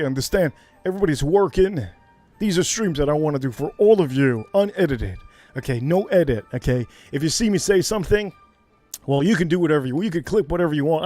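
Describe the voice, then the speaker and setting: Male livestream host, high animated delivery, repeats himself, hypes the chat. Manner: hyped, repetitive, shouts catchphrases.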